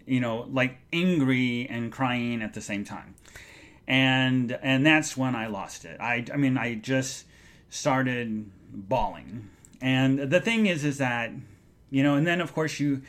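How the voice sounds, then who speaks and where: Casting: male podcast host, mid-pitched, earnest and rambling, halting solo monologue. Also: a bit bright. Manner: halting and earnest, with many restarts. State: emotional, recounting grief.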